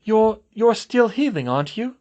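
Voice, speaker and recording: A man's voice: sits high, very animated, moderate pace, warm tone, highs cut off, voice pushed up. A man voicing an anxious, earnest young woman student who asks urgent, probing questions.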